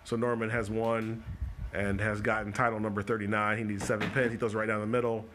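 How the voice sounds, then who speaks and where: A man's voice: on the low side, flat delivery. A man hosting a live stream, chatting casually and joking while he breaks down bowling shots. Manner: chatty and joking, talks fast in spurts. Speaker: host of a bowling coaching show. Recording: live stream with faint noise.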